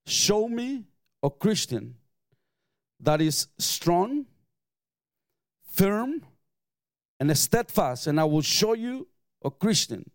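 A middle-aged pastor from Mexico, his voice on the high side and free of room sound, delivers an emphatic sermon. Personal anecdotes and soft chuckles are mixed into his preaching.

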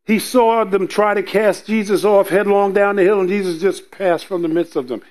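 High-voiced earnest man preaching. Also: steady tone, normal speed, darkish tone. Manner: earnest, repetitive emphasis, acts out quoted voices. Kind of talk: sermon.

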